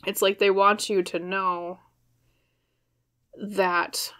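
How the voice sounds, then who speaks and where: A woman's voice: medium pitch, little pitch movement, very slow, bright, forceful tone, clear, resonant tone. A young woman giving a tarot reading to camera, choked up and hesitant, with many fillers and restarts. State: choked up, emotional. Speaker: tarot reader.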